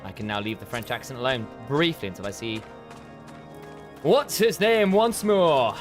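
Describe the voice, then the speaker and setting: A man's voice: mid-range voice, expressive, normal speed, soft background music. A man streaming a game, chatting loosely and joking. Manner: jokey, rambling, laughs often. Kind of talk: casual gameplay stream chat.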